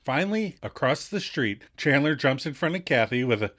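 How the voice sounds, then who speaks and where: A man's voice: mid-range voice, very animated, normal speed, a bit bright. A man co-hosting a podcast, recapping an episode with playful, joking asides. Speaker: podcast co-host. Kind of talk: casual episode recap chat.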